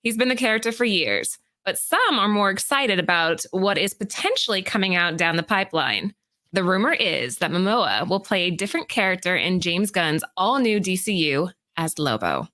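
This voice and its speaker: A woman's voice: medium pitch, normal speed. Woman co-host reading comic sales news. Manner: steady, informative reading. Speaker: podcast co-host. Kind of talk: reading prepared segments and casual chat.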